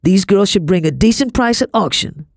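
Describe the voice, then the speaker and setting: A woman's voice: medium pitch, animated, moderate pace, creaky, no echo, clean studio sound, voice pushed up. A woman reading a storybook, voicing a harsh grown man who owns slaves and speaks in curt commands. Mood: cold, commanding.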